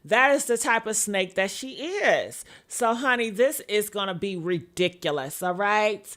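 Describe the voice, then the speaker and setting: A woman hosting a live-stream celebrity gossip vlog, sassy and animated, calling her viewers honey. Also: medium pitch, a little slow. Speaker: gossip vlogger. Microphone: earpiece.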